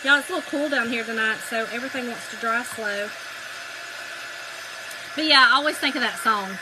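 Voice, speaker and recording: A woman's voice: on the high side, fairly quick, noisy background. A woman with a Southern US accent hosting a crafting livestream, chatting with viewers and telling stories. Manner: chatty storytelling, addresses viewers as y'all. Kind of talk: casual crafting livestream chat.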